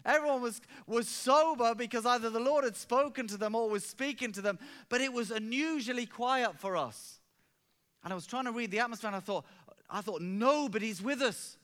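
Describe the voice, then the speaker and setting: A man preaching from the pulpit in a high, ringing voice. His delivery is fervent and storytelling. He drops to a hush and then rises to exclamations. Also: brisk. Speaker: pastor. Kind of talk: sermon.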